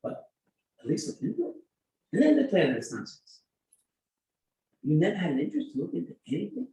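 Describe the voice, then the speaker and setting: Older man, rabbi, animated storytelling, slightly high voice, roomy echo. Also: a little fast, slight background noise. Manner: animated storytelling, acts out dialogue. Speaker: rabbi teaching a class. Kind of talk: informal Torah class. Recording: echoey room, mic at a distance.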